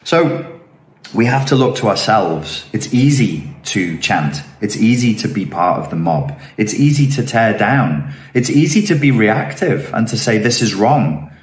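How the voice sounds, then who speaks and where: A man's voice: fairly low pitch, sing-song, a little slow, reverberant. A man giving an emphatic self-help monologue, acting out other people's voices as he goes. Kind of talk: motivational monologue.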